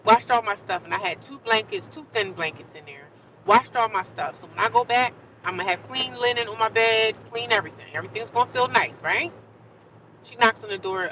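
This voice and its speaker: A woman vlogging on a livestream, venting with animated, repetitive storytelling. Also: fairly high pitch, brisk, far from the mic, dull audio.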